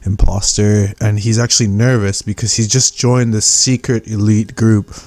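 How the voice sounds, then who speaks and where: A man's voice: fairly low pitch, little pitch movement, normal speed, a little mellow, dry recording. A man giving rambling casual commentary over video clips, full of fillers and restarts.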